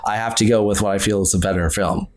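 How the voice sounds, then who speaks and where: A man co-hosting a podcast, talking through his favorite movies in casual chat, earnest and quick to laugh. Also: lowish voice. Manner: earnest, animated, laughs often. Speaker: podcast co-host.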